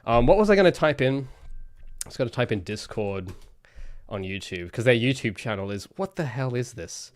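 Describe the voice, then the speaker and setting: A man's voice: medium pitch, expressive, moderate pace, no room sound. Rambling man on a dry mic. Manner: rambling, self-interrupting, ranty. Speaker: solo game developer streaming. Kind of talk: casual livestream chat.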